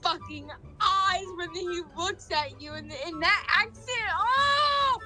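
A woman's voice: extremely high pitch, animated, slow, music in the background. A woman chatting with strangers on a video chat, playful and flirty, giggling and teasing back. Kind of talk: casual video chat banter.

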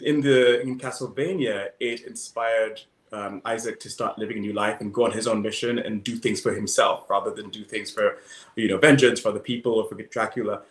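A man speaking in an earnest, reflective way as a guest on a live panel, quoting lines as he goes. His voice carries a noticeable room echo, as if he were in a bare space. His pitch sits in an ordinary middle range. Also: a bit bright. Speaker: voice actor guest. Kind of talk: panel Q&A answer.

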